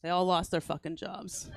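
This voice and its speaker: A woman in her forties doing a brash, crude stand-up set on a comedy club stage, teasing the crowd. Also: on the low side.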